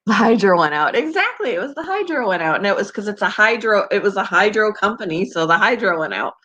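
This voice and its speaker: Giggly canadian lady chatting on her stream, bright tense-ish voice. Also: medium pitch, very animated, fast talker. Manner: chatty, giggly, answers viewers' comments. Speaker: pet channel host. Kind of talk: casual live-stream chat.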